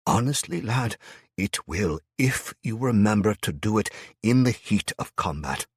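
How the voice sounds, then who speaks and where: A man voicing a kindly older sword trainer who talks in a warm, fatherly way, calling the hero lad and son, in an audiobook. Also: on the low side, lively intonation, unhurried, husky, no echo, clean studio sound, pitched above the performer's own voice, exaggerated voice. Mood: kindly, concerned. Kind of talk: audiobook character voice.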